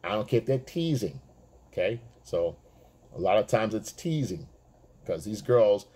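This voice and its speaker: A man's voice: lowish voice, big pitch swings, a little slow, dark tone, breathy edge. A man talking as a dating coach to other men, blunt and streetwise, swearing freely and acting out chat messages. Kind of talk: casual monologue to male viewers.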